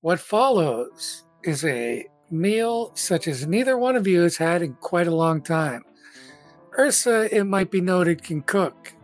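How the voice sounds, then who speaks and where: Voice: mid-range voice, animated, takes it slowly, no room sound, faint music behind. A game master narrating a tabletop game in a chatty way, with fillers and asides.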